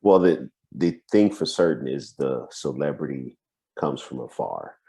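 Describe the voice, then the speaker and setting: Man, very low voice, warm dark tone, laid-back musing chat, video call. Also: unhurried, gravelly. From United States. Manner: relaxed, musing, laughs between points. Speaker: coach.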